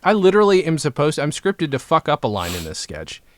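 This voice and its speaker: A man's voice: on the high side, huge pitch swings, quick pace, dry recording. A man co-hosting a comedy podcast, wry and self-deprecating in casual chat. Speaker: podcast co-host.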